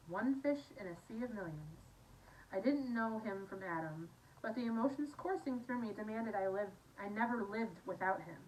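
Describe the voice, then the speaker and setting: A woman's voice: medium pitch, darkish tone. Scottish woman reading aloud, a bit off-mic. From Scotland. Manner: chatty, tipsy asides and stumbles over words. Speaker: audiobook reader. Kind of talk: casual amateur audiobook reading. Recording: slightly distant mic, faint noise.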